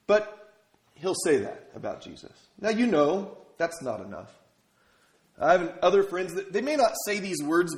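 A man from Minnesota preaching a sermon as pastor, telling stories conversationally and asking the congregation rhetorical questions. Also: fairly high pitch. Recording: echoey room.

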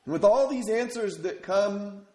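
A man's voice: high-pitched, lively intonation, measured pace, dark tone. Man from Minnesota preaching in an echoey room. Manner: conversational storytelling, rhetorical questions. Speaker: pastor. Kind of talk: sermon.

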